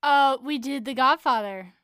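A young woman co-hosts a film podcast with playful, giggly banter. Her voice is high, bright and smoothly clear. The sound is dry and close on the mic. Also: normal speed, dry recording. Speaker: podcast co-host. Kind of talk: casual chat.

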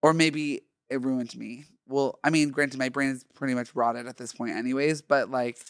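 A young woman in casual podcast chat, quick and jokey with lots of slang. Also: rumbling low, steady tone, no echo, studio quality.

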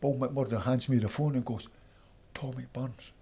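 A Scottish man in his fifties, a former footballer, telling lively anecdotes in a casual interview and acting out the people he quotes. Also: medium pitch, brisk, slightly rough. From Scotland. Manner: animated anecdotes, acts out quoted voices.

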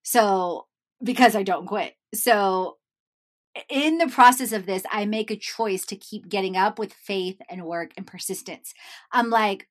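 A young American woman telling her followers a personal story. She talks in a bubbly, animated way, fills her sentences with "like," and laughs easily. Her voice sits at an everyday middle pitch. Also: measured pace. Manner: animated, chatty, says "like" often, laughs while telling. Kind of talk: casual storytelling to viewers.

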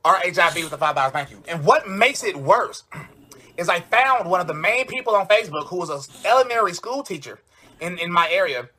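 Man, bright sharp high voice, aggrieved livestream rant. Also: lively intonation, a little fast. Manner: indignant, complaining, thanks donors. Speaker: rapper speaking on a livestream.

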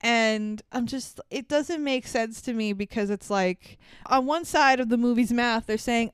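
Animated swearing woman podcast co-host. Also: on the high side, unhurried, few pauses, clean tone, no echo. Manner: animated, swearing, big reactions. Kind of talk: casual movie review chat.

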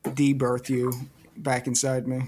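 Co-host, man, mid pitch, deadpan joker, casual banter. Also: measured pace. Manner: deadpan absurd jokes. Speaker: podcast co-host. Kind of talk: casual chat.

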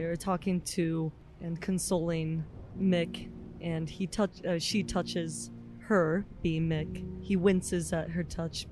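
A player in a tabletop game describing their character's actions in the third person, with some hesitation. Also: medium pitch.

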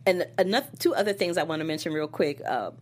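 A woman co-hosting a casual chat show, animated, laughing often and acting out quotes. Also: fairly quick. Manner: animated, laughs often, acts out quotes with big pitch swings. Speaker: co-host. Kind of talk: casual chat reviewing a soap opera.

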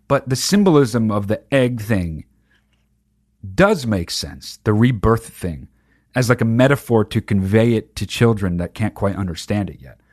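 A man's voice: lowish voice, a little slow, no echo, studio quality. A man ranting casually in a sardonic, profane way about a childhood memory. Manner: sardonic, heavy swearing, lively emphasis. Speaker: monologue speaker.

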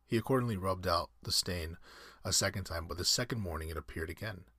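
A man reading a classic story aloud in measured, scripted narration. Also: low voice, bright, forceful tone, breathy edge, dry recording, studio quality.

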